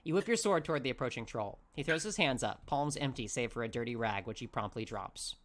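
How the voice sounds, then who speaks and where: A man's voice: medium pitch, lively intonation, fairly quick, a bit bright, slight background noise. A man hosting a let's play, reading game narration aloud and breaking off to joke. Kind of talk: narrating a visual novel aloud.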